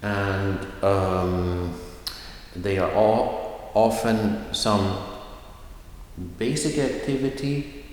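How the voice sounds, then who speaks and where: A Swedish man teaching a language lesson, slowly modeling phrases with clear stress. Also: low-pitched, slight background noise. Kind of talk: recorded video lesson. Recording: echoey room with long reverb.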